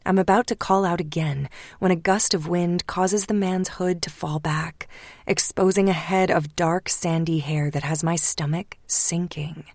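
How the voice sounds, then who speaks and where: A woman reading a first-person romance audiobook, hushed and slipping into whispers at tense moments. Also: on the low side, fairly even intonation, measured pace, dry recording, clean studio sound. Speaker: audiobook narrator.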